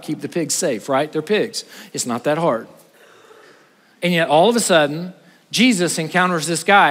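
High-voiced preacher in an echoing hall. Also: male voice. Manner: animated storytelling, swings from loud to hushed. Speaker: pastor. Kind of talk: sermon. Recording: reverberant hall.

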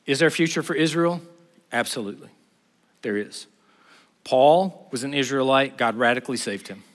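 A man's voice: medium pitch, brisk. A middle-aged man preaching a sermon in an emphatic, blunt, conversational way. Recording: reverberant hall.

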